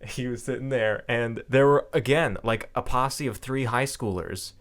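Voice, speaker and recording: A young man co-hosting a podcast in casual chat, telling stories in an animated way and laughing often. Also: medium pitch, moderate pace. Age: young adult. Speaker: podcast co-host.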